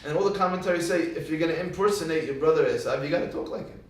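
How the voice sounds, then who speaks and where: A man giving an animated, storytelling Torah lecture, jumping into sudden emphatic rises. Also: a little high, racing. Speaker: Torah teacher. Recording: very echoey room, mic far off.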